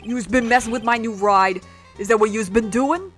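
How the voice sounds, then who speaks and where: Brief: a woman playing a loud New York tough guy, a bullying scooter thug in a game, slow threats. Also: fairly high pitch, soft background music, lightly acted. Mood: angry threatening. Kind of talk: reading game dialogue aloud.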